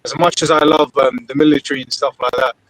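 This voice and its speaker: A man's voice: medium pitch, fairly even intonation, fast talker, dry recording, poor audio. A man with a southern English accent chatting casually on a live call, swearing freely between laughs. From Britain. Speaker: participant in open discussion.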